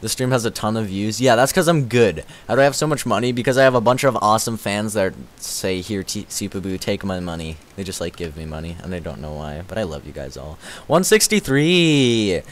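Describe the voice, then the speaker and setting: A young man chatting on a live stream and reading out his chat, giggly and excitable, dropping to low mumbles and jumping up to high squeals. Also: quick pace, hardly any pauses.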